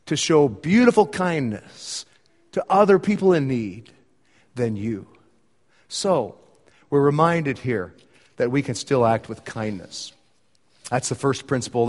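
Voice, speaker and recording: A man preaching a sermon in an earnest, conversational way, shifting his loudness for emphasis. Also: fairly high pitch, in a large hall. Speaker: pastor.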